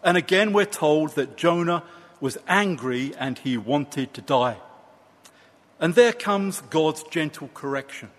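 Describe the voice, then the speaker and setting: A man preaching a sermon, slow and emphatic with dramatic pauses. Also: on the high side, lively intonation, long reverb tail.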